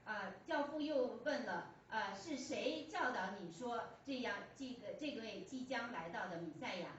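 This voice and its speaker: A woman's voice: on the high side, expressive, normal speed. Woman interpreting a sermon in church. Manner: hesitant, frequent fillers and restarts. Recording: echoey church hall, distant mic, dull lo-fi, faint hum.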